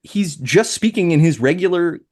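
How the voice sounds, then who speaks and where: Lively, rambling male film podcaster. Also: high-pitched, moderate pace. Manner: rambling, jokey, swears casually. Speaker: podcast co-host. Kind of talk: casual film discussion podcast.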